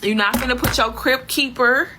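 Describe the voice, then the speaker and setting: A woman's voice: fairly high pitch, normal speed, background noise. A woman telling a comic story as a profane, exasperated rant full of slang. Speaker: comedic storyteller.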